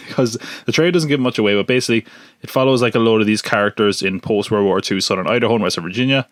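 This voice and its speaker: A man's voice: lowish voice, fast talker, no room sound. A man hosting a casual solo podcast, chatty and joking, with lots of fillers and restarts. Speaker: podcast host.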